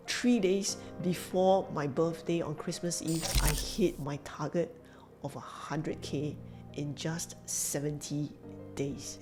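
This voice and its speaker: A woman with a deep, darkish voice and a Singaporean English accent tells her story as a business coach to camera. Her motivational delivery is earnest and emphatic, repeating key phrases.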